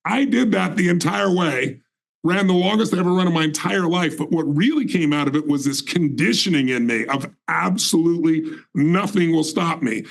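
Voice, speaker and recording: A man's voice: on the high side, moderate pace, vocal fry, rough recording. A man in his sixties telling his life story in an emphatic, intense way as a guest in a conversation. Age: 60s.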